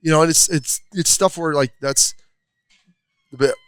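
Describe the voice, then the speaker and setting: A man's voice: on the high side, moderate pace, fairly bright tone, smooth, dry recording. Male ex-player breaking down the game. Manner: folksy, explains with examples. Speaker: former player, analyst. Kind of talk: casual sports talk. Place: restaurant, live show.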